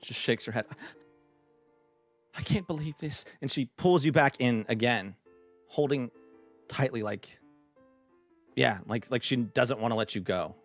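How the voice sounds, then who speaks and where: Man, game master, rambling storyteller, mid-pitched voice, soft music underneath. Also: moderate pace, pauses often. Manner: laughing, loose storytelling with many fillers. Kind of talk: narrating a tabletop game.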